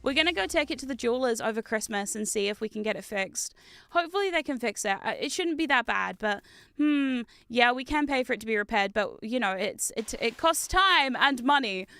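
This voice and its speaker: Woman, 30s, streamer, casual gaming chat, high voice, smooth clear tone, animated storyteller. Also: dry recording. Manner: chatty, animated storytelling with laughs and swearing. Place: home gaming room.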